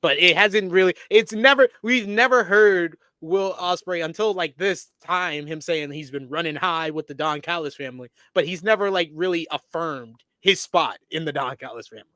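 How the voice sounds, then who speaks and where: A man's voice: on the high side, moderate pace, hardly any pauses, bright, forceful tone, no room sound. A man co-hosting a casual wrestling review show, reading viewer donations and insisting on his points by repeating them. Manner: insistent, repeats himself when arguing.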